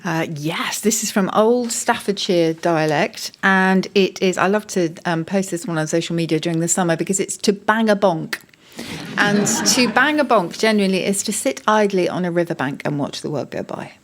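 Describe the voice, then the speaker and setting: A woman's voice: lowish voice, brisk, hardly any pauses. A woman on a comedy panel show, the resident word expert, eagerly explaining the history of words. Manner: enthusiastic, nerdy storyteller.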